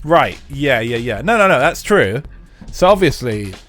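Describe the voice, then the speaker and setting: A young man's mid-range, sing-song voice, fairly bright and a little slow, accompanies his live stream of a racing game. Chatting casually with viewers, he rambles, swears and fills gaps with fillers.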